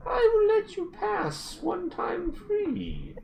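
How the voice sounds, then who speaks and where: A man voicing a gruff, boastful male dwarf chieftain who drags out his words and growls in a pirate-like way, as a game master at a tabletop game. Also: extremely high pitch, wildly swooping pitch, slight background noise, voice pushed up, heavily acted. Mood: proclaiming. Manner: bragging, slow and loud.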